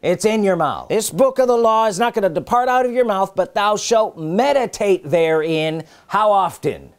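A man's voice: high voice, expressive, moderate pace. Emphatic preaching man. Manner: emphatic, repeats key phrases, asks rhetorical questions; reads scripture in older formal wording. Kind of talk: sermon.

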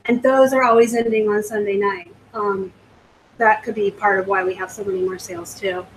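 A woman from the US West Coast hosts a live stream in a mid-range, fairly even voice at normal speed. She rambles casually about her selling and reads out viewer comments. The audio is poor, with a little hiss or hum.

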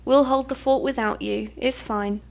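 A woman's voice: on the high side, fairly even intonation, moderate pace, vocal fry, darkish tone. A young British woman giving chatty, giggly let's play commentary on a life simulation game, swearing now and then. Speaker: gaming YouTuber.

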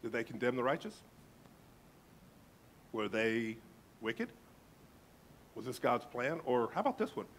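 A man's voice: mid-range voice, very animated, measured pace, long pauses, a little hiss or hum. A male pastor preaching a sermon, reading scripture emphatically and dramatically.

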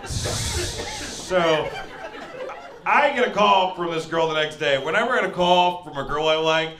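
A man doing a stand-up set on a club stage, self-mocking and quick, slipping into acted-out voices. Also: fairly high pitch, lively intonation, fairly bright tone. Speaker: stand-up comedian. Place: comedy club stage before a laughing crowd. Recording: echoey club with audience noise.

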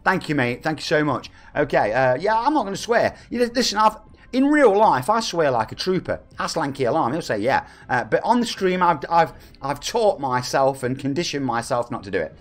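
A man's voice: a little high, big pitch swings, a little fast. A man in his forties with an East Midlands English accent, hosting a live game stream at home, chatty and hyped while reading out and thanking viewers. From England. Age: 40s. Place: home room.

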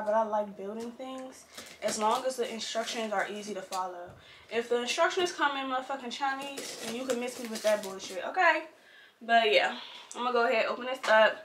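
Young woman vlogging in her bedroom, high voice, blunt and chatty with slang, echoey room. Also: fairly bright tone, slight background noise. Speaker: home decor vlogger. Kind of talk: casual chat. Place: bedroom at home.

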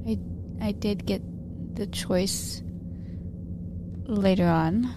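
A woman player in a tabletop game, speaking softly and hesitantly. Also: medium pitch, very slow, noisy background. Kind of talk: casual tabletop play.

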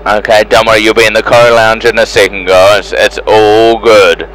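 A man's voice: on the low side, level tone, moderate pace, a bit bright, a little hiss or hum, poor audio. A man with a New Zealand accent giving a joking running commentary, cheeky and swearing in mock outrage. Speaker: celebrity pilot in a flight simulator.

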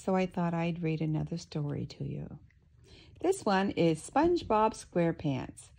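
Animated woman reading a storybook aloud. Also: on the low side, creaky, breathy edge. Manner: expressive, animated, playful asides. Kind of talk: reading a picture book aloud to children.

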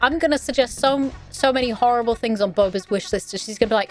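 A woman's voice: a little high, expressive, quick pace, faint music behind. A woman chatting casually in a gleeful, giggly way, swearing as she talks. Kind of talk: casual chat.

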